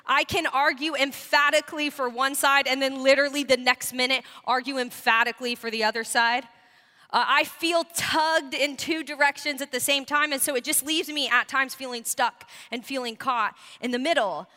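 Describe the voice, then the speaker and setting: A woman pastor giving a sermon, telling animated, self-deprecating stories to her congregation. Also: high voice, moderate pace, in a large hall. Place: church sanctuary.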